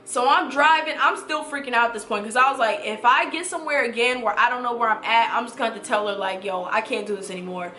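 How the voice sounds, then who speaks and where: A woman in her twenties telling a storytime vlog, animated and casual, swearing and talking straight to viewers. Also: a little high, fast, few pauses, reverberant, faint music behind. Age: 20s. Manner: animated, swearing, addresses viewers as y'all and you guys. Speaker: vlogger.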